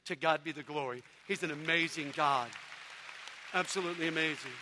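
A man preaching an energetic sermon, telling stories with animated shouts and sudden hushed drops. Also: fairly high pitch, a little fast, in a large hall, crowd noise, noisy background. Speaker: evangelist speaker.

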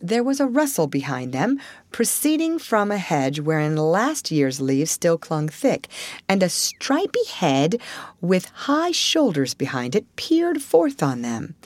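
Woman reading a storybook aloud, lowish voice, very expressive, dry close sound. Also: a little slow, dry recording. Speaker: audiobook reader. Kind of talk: storybook narration.

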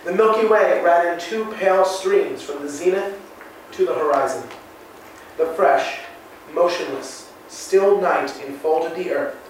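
A man narrating a classic novel in a measured, solemn way. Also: high voice. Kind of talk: audiobook reading of a classic novel. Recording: very echoey room, mic far off, faint hiss.

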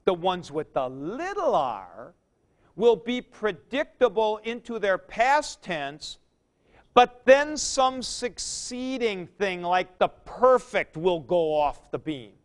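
Taking things slowly, a man with a high, sing-song voice teaches a class about Greek verbs. This Greek teacher drills verb forms out loud and makes emphatic asides to underline the important points.

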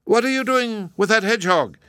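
A man voicing a kindly, excitable old male professor with a fussy, chirpy manner. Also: on the high side, moderate pace, no room sound, voice pushed up. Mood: fussy, cheerful.

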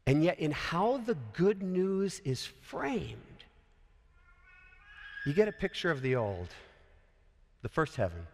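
A man's voice: fairly high pitch, sing-song, slow, long pauses. A man from Colorado preaching a sermon in a chapel, conversational and full of joking asides. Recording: echoey hall.

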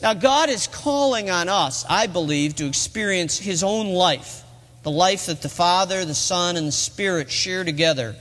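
A man's voice: high voice, animated, normal speed, a bit bright. A middle-aged man preaching a sermon in a church, telling the story earnestly and rising to emphatic peaks. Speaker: pastor. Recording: long reverb of a large hall.

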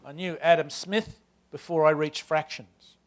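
A man in his sixties with an Australian accent reading aloud from a novel as a wry, proud older male servant narrating his life, in a lively, emphatic telling. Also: fairly high pitch, unhurried, lightly acted. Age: 60s.

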